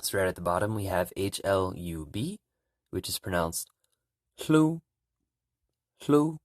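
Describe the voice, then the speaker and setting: A young man giving a relaxed, casual language lesson, calmly explaining pronunciation. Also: deep voice, no echo, clean studio sound. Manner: relaxed, repeats sounds slowly and loudly to demonstrate. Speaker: language teacher.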